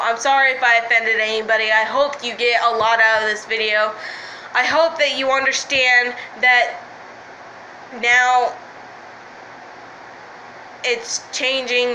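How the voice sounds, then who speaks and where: A woman's voice: fairly high pitch, steady tone, measured pace, pushed and bright, a little hiss or hum, poor audio. A woman talking straight to camera in a candid vlog, frustrated and rambling, swearing freely and often apologizing. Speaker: vlogger. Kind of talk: candid, unscripted vlog monologue.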